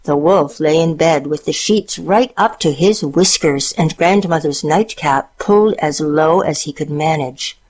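A woman narrating a storybook in a calm, measured reading voice. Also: deep voice.

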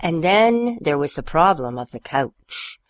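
Expressive low-voiced woman storyteller. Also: unhurried, dry recording. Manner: expressive storyteller, gentle and warm. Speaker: radio host reading stories. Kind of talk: reading a children's story aloud. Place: community radio studio.

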